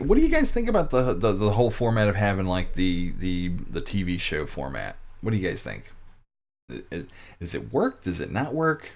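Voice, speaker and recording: A man hosting his own live-stream talk show, chatting casually with viewers, full of restarts and jokey asides. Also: sits low.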